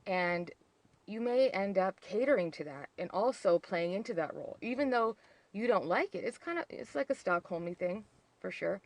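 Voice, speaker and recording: A woman's voice: medium pitch, lively intonation, normal speed, a little mellow, dry recording. Woman telling a hurtful story, rambling. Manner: emotional, rambling, lots of "like" and restarts. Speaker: vlogger on narcissistic abuse. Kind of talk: candid personal storytelling.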